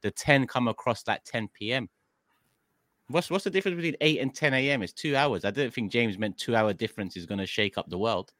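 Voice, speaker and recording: A man's voice: medium pitch, lively intonation, brisk, fairly bright tone, no room sound, clean studio sound. A man hosting a football podcast in casual chat, arguing his point and repeating questions insistently. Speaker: podcast host.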